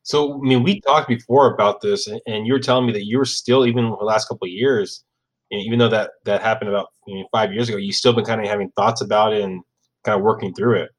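Fast-talking male interviewer. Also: lowish voice, steady tone, rough recording. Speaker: interview host. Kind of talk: conversational interview question.

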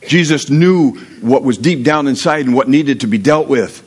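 A man's voice: medium pitch, moderate pace, husky. Man preaching a casual sermon. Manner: reads scripture aloud then preaches conversationally, with prayer and humor. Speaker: pastor. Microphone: livestream.

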